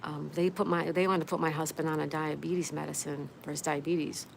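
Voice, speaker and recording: A woman's voice: sits low, little pitch movement, brisk, vocal fry, slight background noise. A middle-aged woman hosting a casual livestream, reading out viewer comments in a chatty, friendly way. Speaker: livestream host.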